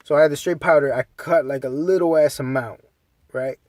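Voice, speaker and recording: A man's voice: a little high, fairly quick, darkish tone, no echo, studio quality. A young man co-hosting a podcast, rambling through a story in casual, profane talk. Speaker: podcast co-host.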